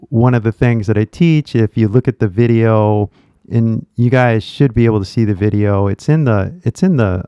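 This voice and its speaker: A man's voice: on the low side, gravelly, warm tone, clean tone, no room sound. A man with a Californian accent giving casual livestream English coaching, blunt and rambling with swearing, on dull lo-fi stream audio.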